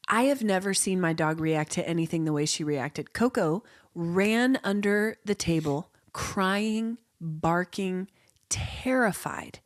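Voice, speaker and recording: A woman's voice: lowish voice, takes it slowly, no room sound, clean studio sound. A woman co-hosting a casual podcast with her brother, telling home anecdotes and laughing easily. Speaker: podcast co-host. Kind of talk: casual sibling chat, storytelling.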